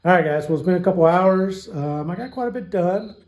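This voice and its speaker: A man's voice: sits high, animated, fairly quick, noisy background. A man filming a casual vlog in his home garage while working on a truck, talking loosely with lots of swearing and some sarcasm. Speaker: DIY mechanic vlogger.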